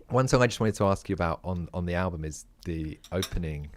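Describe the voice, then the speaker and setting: A man's voice: deep voice, expressive, a little fast, slight background noise. A man hosting a podcast, asking casual questions in an easygoing way and laughing along with his guest. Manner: easygoing, laughs along, short agreeing replies. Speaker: podcast host.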